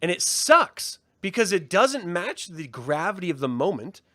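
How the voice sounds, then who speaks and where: A man co-hosting a casual review podcast, talking in an animated way, swearing and mocking in impressions. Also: high-pitched, normal speed, dry recording, clean studio sound. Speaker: podcast co-host.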